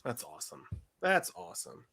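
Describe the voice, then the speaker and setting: A woman's voice: extremely low pitch, sing-song, a bit bright, no room sound. A woman co-hosting a podcast who chimes in with short agreements and jokes. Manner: joking, quick interjections. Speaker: podcast co-host. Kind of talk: casual podcast chat.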